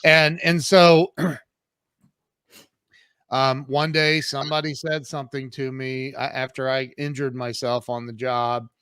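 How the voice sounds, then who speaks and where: A man's voice: medium pitch, flat delivery, slow, fairly bright tone, smooth, no echo, clean studio sound. A man in his fifties, a podcast guest, telling his life story in a candid, emphatic way, acting out past conversations. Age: 50s. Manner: candid, emphatic, acts out quoted exchanges. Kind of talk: casual storytelling in an interview.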